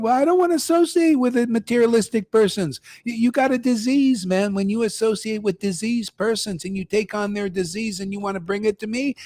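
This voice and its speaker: A man's voice: high-pitched, expressive, brisk, hardly any pauses, darkish tone. An older man giving a blunt, slangy devotional talk as a spiritual teacher, ranting and calling his listeners "man.". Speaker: spiritual teacher leading a chanting gathering.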